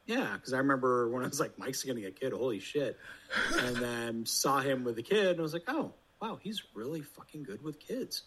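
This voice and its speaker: Blunt podcast guest, man in his 30s, curses casually, expressive rise and fall in pitch. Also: a little fast, slight background noise, low-quality recording. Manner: blunt, swears freely, self-deprecating.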